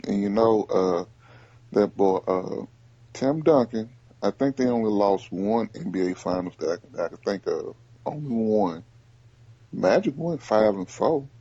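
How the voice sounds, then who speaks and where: A man hosting a casual sports podcast, talking in animated bursts and repeating himself as he makes his point. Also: on the low side, a little slow, husky, no room sound, highs cut off. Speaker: podcast host.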